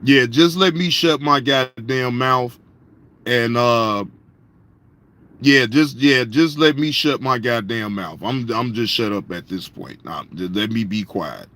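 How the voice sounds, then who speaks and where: A man's voice: medium pitch, bright, forceful tone. A man hosting a casual live-stream reaction show, speaking, profane and repetitive, addressing viewers in the chat by name.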